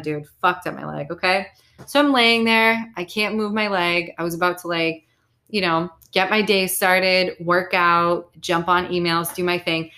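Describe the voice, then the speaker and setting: A woman's voice: medium pitch, pushed and bright. A young adult woman hosting a podcast alone, talking in a casual, blunt and profane way about staying positive. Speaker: podcast host. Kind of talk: casual solo podcast monologue.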